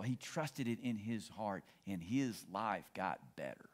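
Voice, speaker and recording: A middle-aged male pastor preaching a sermon and telling stories, swinging between excited and hushed delivery. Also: fairly low pitch, a little slow, hardly any pauses.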